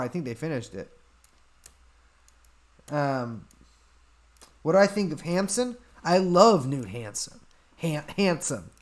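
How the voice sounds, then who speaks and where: A man hosting a casual livestream, reading out chat questions and answering them in an offhand, deadpan way at a desk mic. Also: on the high side. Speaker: podcast host answering chat.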